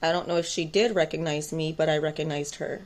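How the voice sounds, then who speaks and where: An adult tarot vlogger, mother of two boys, tells a personal story to camera in a deep, steady voice at a brisk pace. She rambles intensely, uses many fillers, and sounds defiant.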